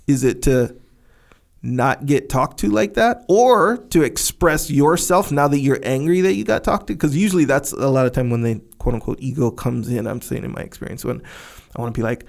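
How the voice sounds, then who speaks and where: A man co-hosting a podcast, thinking out loud in a loose, rambling way with many restarts. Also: mid-range voice, moderate pace, vocal fry. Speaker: podcast co-host. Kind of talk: casual podcast discussion.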